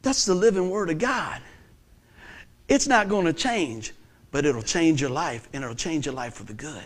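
A middle-aged man preaching a sermon as pastor, animated and joking, telling stories and acting out voices. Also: on the high side, normal speed. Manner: animated, joking storyteller who acts out voices.

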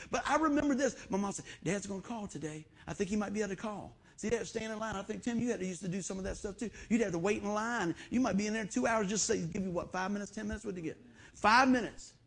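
A man's voice: sits high, creaky. A middle-aged man preaching a sermon in church, telling folksy stories and acting out the voices he quotes. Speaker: pastor.

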